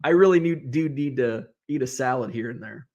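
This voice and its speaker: A man's voice: mid-range voice, a little fast, lo-fi sound. A middle-aged man hosting a casual live stream, reading viewer comments aloud and chatting back. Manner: chatty, animated, reads comments aloud and reacts. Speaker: host.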